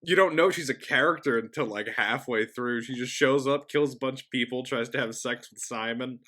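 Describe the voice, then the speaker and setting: A man with a bright, forward voice co-hosts a casual film review chat. He mostly backs up his partner with quick agreements and adds his own details. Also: medium pitch. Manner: chiming in with short agreements and added details. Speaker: podcast co-host.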